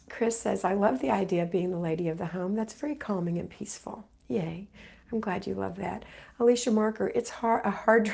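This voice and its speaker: Gravelly-voiced woman hosting a livestream. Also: mid-range voice. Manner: encouraging, motherly, reads comments aloud and answers warmly. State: recovering from illness. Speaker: homemaking livestream host. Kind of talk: live Q&A reading viewer comments.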